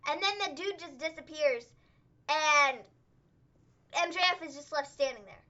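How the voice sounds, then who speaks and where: A woman with a high, bright voice talks fast and excitedly as she recaps the week with her co-host. Her chatter is loose and full of "like". The stream audio sounds a little dull and lo-fi. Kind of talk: casual livestream recap chat.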